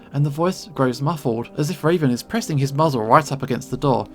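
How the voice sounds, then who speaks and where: Gravelly man narrating a story. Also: mid-range voice, lively intonation, brisk, few pauses. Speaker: gamer reading a visual novel. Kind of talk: first-person story narration. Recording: music behind a voice-over.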